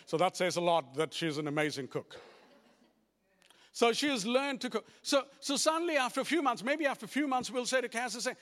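In a sermon echoing through a church hall with long reverb, a pastor whose voice is notably high speaks fairly quickly to the congregation. He stays animated, repeating himself and starting over as he goes.

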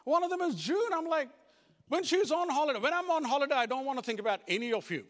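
A man preaching a sermon as a pastor, talking straight to his congregation with lively repeats and restarts. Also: very high voice, quick pace, in a large hall. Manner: animated, repetitive restarts, addresses congregation directly.

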